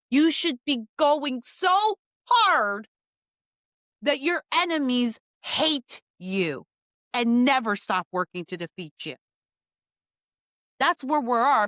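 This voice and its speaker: A woman's voice: fairly high pitch, fairly bright tone, no room sound, studio quality. A woman hosting a podcast, giving a blunt, fired-up opinion monologue full of emphatic repetition. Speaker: podcast host.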